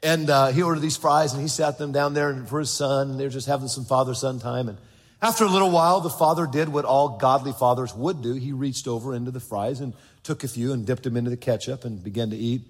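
A man's voice: mid-range voice, quick pace, husky. A man preaching a sermon as pastor of a church, earnestly repeating words as he goes and acting out the voices in the stories he tells. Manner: acts out quoted voices in storytelling. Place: large church sanctuary. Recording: long reverb of a large hall.

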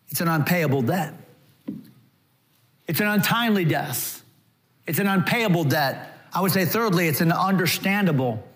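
A male pastor preaching a sermon in an animated way, acting out quotes as he goes. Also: on the high side, normal speed, long pauses.

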